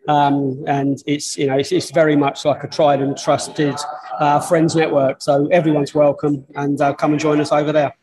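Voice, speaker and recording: A man with a fairly high voice speaks haltingly on a football podcast, padding his thoughts with fillers. A crowd murmurs clearly behind him. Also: flat delivery, rough recording. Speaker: podcast co-host. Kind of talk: casual podcast chat.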